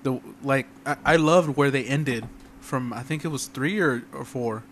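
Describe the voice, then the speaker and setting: A man's voice: mid-range voice, a little slow, fairly bright tone, slight background noise. A man in casual gaming chat, easygoing and slangy, who laughs easily.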